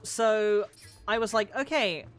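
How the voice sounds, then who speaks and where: A young woman from London chatting casually while streaming a game, swearing freely and now and then breaking into loud yelling. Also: medium pitch, slow pace, faint music behind. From London, England. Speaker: VTuber streamer. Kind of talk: casual gaming stream chat.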